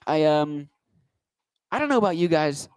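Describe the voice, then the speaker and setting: A man's voice: fairly high pitch, animated, moderate pace, clear, resonant tone, dry recording, poor audio. A man doing a stand-up comedy set on a club stage, talking into a handheld mic with a wry, rambling delivery.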